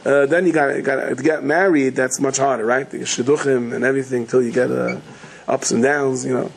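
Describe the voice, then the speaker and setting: A middle-aged man giving a sermon as a rabbi, telling stories in a rapid, chatty, joking way. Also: mid-range voice, fairly even intonation, gravelly, breathy edge, low-quality recording. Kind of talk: sermon with humorous storytelling.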